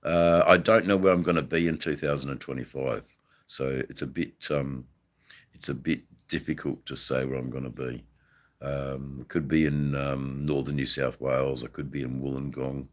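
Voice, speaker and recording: An Australian man hosting a livestream, chatting casually with viewers in a halting way, full of ums and repeated phrases. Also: a bass voice, steady tone. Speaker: livestream host reading chat. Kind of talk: casual live-stream chat.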